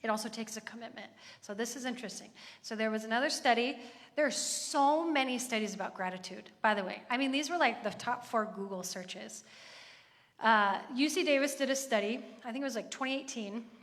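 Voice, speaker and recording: Bright-voiced woman preaching in an echoey hall. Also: fairly high pitch, a little fast. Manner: chatty, earnest, with asides. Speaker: church speaker. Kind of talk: conversational sermon.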